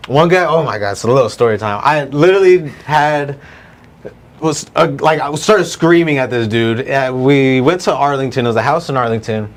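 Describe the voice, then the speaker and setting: A man co-hosting a casual podcast, telling a story in an animated way and swearing freely. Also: mid-range voice, moderate pace. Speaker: podcast co-host. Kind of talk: casual chat.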